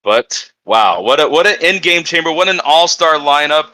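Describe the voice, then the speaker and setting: A man's voice: fairly high pitch, lively intonation, moderate pace, pushed and bright, no room sound, poor audio. A man hosting a wrestling press conference, building hype in an emphatic announcer style as he questions the champion. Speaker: press conference host and interviewer. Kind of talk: hyped announcer-style interview.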